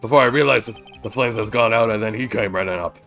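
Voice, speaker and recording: A man voicing a brash young male wannabe artist in a game, boastful and theatrical, with loud bursts. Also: on the low side, fast talker, vocal fry, soft background music.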